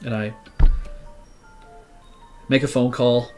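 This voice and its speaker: A man's voice: mid-range voice, slow pace, faint music behind. Rambling man telling a long story. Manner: rambling, animated, swears, acts out his own quotes. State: sick. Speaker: show regular telling a story. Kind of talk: casual storytelling.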